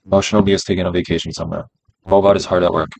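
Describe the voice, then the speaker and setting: A man's voice: low-pitched, little pitch movement, racing, vocal fry, darkish tone, slightly rough, low-quality recording. A man streaming his day trades, talking himself through them in a casual, profane way and repeating phrases as he goes. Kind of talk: casual live-stream self-talk.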